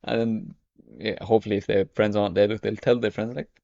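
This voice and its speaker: A man's voice: on the low side, flat delivery, brisk, gravelly, dark tone, no room sound. A young man talking casually to the camera as a vlogger, rambling and filling his speech with "you know" and "okay". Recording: dry, dull lo-fi audio.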